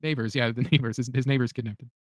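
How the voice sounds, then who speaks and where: A man's voice: mid-range voice, steady tone, rapid-fire, no room sound. A man co-hosting a live stream, teasing and laughing in casual chat. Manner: joking, laughs often, teasing.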